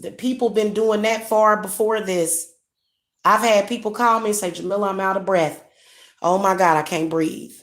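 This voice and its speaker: A woman's voice: mid-range voice, reverberant. A woman speaking as a spiritual reader, preaching and scolding in a repetitive, indignant way with stumbling restarts. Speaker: spiritual reader and livestream host. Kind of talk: casual livestream monologue.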